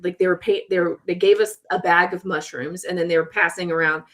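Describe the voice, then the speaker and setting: A woman in her forties, appearing as a podcast guest, tells a story in casual conversation and acts out the other people's voices along the way. Her voice sits on the low side and moves a little fast, and her manner is animated.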